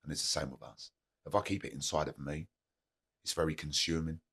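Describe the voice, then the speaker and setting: His gravelly, husky low voice comes across bright and forceful, steady in tone and fairly quick, as he guests on a podcast. He tells his story candidly and earnestly, plain-spoken and motivational, driving his points home by saying them again.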